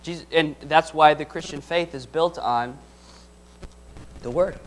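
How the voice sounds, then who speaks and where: A man's voice: on the high side, a little slow, a little hiss or hum. A man preaching a conversational sermon, reading scripture aloud and asking his listeners questions. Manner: conversational, asks the audience questions.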